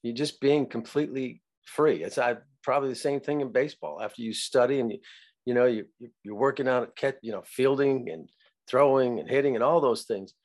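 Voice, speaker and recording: A man speaking as a podcast guest in casual conversation, reflective and halting, often restarting his sentences. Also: medium pitch. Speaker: actor guest.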